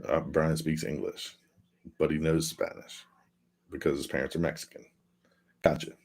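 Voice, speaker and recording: A man's voice: a bass voice, fairly even intonation, normal speed, creaky, darkish tone. A man hosting a casual livestream from home, reading viewer comments aloud and chatting in a laid-back, rambling way. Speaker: livestream host. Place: at home, indoors.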